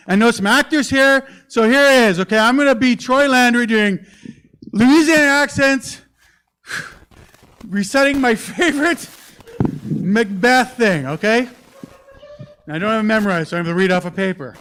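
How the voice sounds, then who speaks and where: A man's voice: extremely high pitch, moderate pace, long pauses, sharp tone, smooth. A man doing a live stand-up set in a comedy club, telling a rambling, profane story with lots of swearing.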